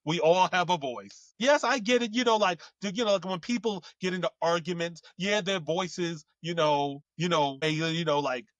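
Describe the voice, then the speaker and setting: High-voiced man rambling in casual chat. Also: moderate pace, hardly any pauses, fairly bright tone, no echo. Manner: rambling, with many fillers and restarts. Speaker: co-host.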